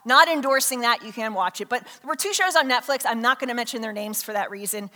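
A woman's voice: on the high side, quick pace, sharp tone. A woman pastor preaching a sermon in a conversational way, with many fillers and restarts. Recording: long hall reverb.

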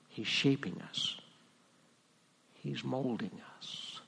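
A man's voice: fairly low pitch, a little slow, creaky, husky. Man preaching in a reverberant church. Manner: conversational preaching with rising emphasis. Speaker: pastor. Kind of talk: sermon.

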